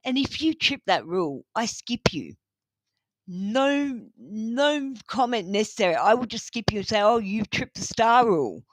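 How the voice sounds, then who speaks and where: A middle-aged Australian woman with a slightly high, sing-song voice speaks unhurriedly over poor audio. She's doing a live tarot reading, blunt and motherly, and swears freely.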